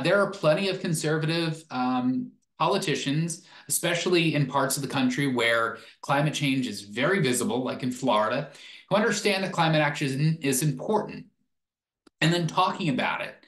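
A man's voice: mid-range voice, fairly bright tone, echoey room. A man giving a climate talk in a webinar, earnest, often repeating words as he starts a sentence. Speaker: climate speaker.

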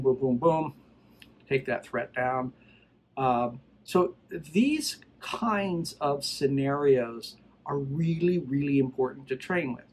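Middle-aged male trainer, plain mid-pitched voice, emphatic casual delivery, faint hiss behind. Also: poor audio. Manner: emphatic, conversational, retells scenarios with acted quotes. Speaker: firearms trainer. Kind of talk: casual instructional talk.

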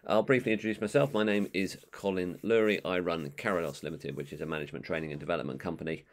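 A man giving an online training course, talking in a monotone with many ums and uhs. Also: sits low, fast talker. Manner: monotone, calls his own voice that. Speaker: management trainer.

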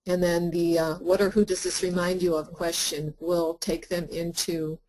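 A woman therapist lecturing to practitioners in an earnest, conversational way, with frequent pauses and fillers. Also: on the low side, little pitch movement, darkish tone, rough recording. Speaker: therapist teaching a workshop.

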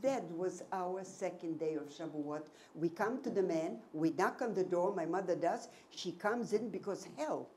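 A woman in her nineties giving a personal testimony to an audience, telling her story slowly and emphatically with many repetitions. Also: on the low side, animated, darkish tone, slight background noise. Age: 90s. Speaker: Holocaust survivor giving a talk.

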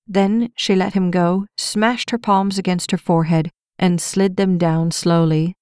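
A woman narrating a romance audiobook in an even, measured storytelling voice. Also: mid-range voice, smooth, no room sound, clean studio sound. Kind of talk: scripted narration.

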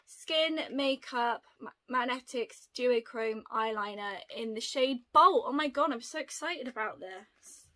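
A young woman chatting through an unboxing video, gushing and excitable, often gasping with delight. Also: a little high, a little slow, few pauses. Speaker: unboxing vlogger. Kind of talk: casual unboxing chat.

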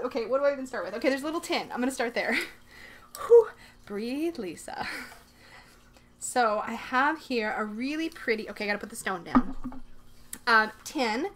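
Excitable woman vlogger, fairly high voice, gushing unboxing chat, faint hiss behind. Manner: excitable, gushing, talks to herself. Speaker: vlogger unboxing a subscription box. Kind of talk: casual unboxing chat to camera. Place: bedroom.

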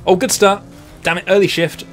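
A young man giving let's play commentary, excitable, swearing at the game and laughing it off. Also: sits high, normal speed. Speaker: gaming YouTuber.

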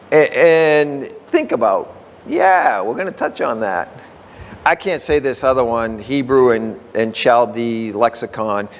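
A man delivering a relaxed, chatty sermon, his slightly raised voice ringing through a church with a long reverb. He talks in an easy, folksy way, then slows right down to read definitions one word at a time. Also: a little high. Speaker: pastor. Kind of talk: conversational sermon.

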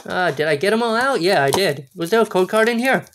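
A man's voice: high-pitched, animated, a little fast, fairly bright tone, slight background noise. A man hosting a casual card-opening video, goofy and playful, full of exclamations and wordplay. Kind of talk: casual unboxing commentary.

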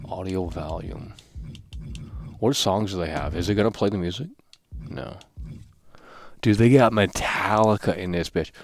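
A man streaming a wrestling video game, trash-talking the screen with lots of swearing, swinging from yelling to low muttering. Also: a little slow, pauses often, no echo. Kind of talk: casual live-stream commentary.

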